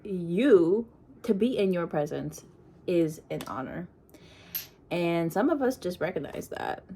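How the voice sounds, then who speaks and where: A woman giving a casual intuitive reading to camera, talking softly and meandering in a put-on accent, with frequent ums. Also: on the low side, expressive, takes it slowly, slight background noise. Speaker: tarot reader. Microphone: phone propped on a crystal.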